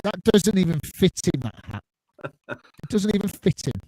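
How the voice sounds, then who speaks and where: A man's voice: high-pitched, sing-song, normal speed, dark tone. A man hosting a casual fan podcast, bantering and laughing often. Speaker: podcast host. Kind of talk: casual chat.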